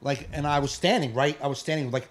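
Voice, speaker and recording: A man co-hosting a live podcast, ranting in casual chat, profane and fired up, with bursts of yelling. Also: medium pitch, quick pace. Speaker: podcast co-host.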